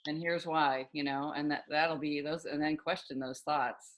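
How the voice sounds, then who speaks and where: Lady host thinking out loud, kinda low voice, relaxed chat. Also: normal speed. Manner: reflective, thinks aloud with fillers. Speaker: podcast host. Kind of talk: casual conversation.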